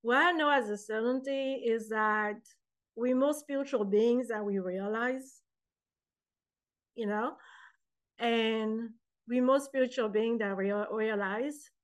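Young woman poet, French accent, slightly high voice, animated interview storytelling. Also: slow. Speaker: poet and author. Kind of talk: interview conversation.

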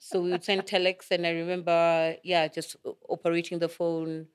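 A woman's voice: lowish voice, level tone, normal speed, clear, resonant tone. A middle-aged woman from Kenya, a guest in an interview, telling stories casually and laughing often. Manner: chatty, laughs often, acts out quoted dialogue.

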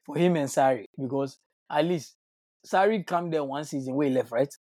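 A man's voice: a little high, normal speed, mellow, no room sound, studio quality. A man, co-hosting a sports chat, laughing often and slipping into pidgin. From Africa. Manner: laughs often, talks over others in pidgin. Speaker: podcast co-host.

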